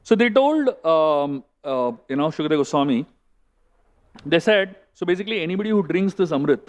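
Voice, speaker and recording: A man giving a scripture class, reciting Sanskrit verses slowly and explaining each one in English, asking his listeners rhetorical questions. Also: a little high, animated. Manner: asks the audience rhetorical questions. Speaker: Bhagavatam class speaker. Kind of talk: scripture lecture. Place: temple hall.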